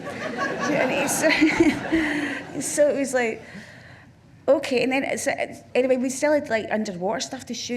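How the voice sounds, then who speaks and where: A woman's voice: sits high, slight background noise. A woman with a Glaswegian accent, a film director and interview guest, tells anecdotes on stage in a rambling way, full of restarts and "you know"s. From Scotland. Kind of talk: on-stage career conversation, anecdotal. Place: festival talk stage with audience.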